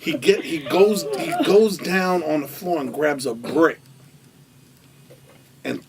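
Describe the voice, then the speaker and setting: Gravelly man telling a wild story. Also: a little high, animated, slow, recorded from a distance, crowd noise. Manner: acts out quoted voices, laughing. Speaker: storytelling guest. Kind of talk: animated anecdote telling.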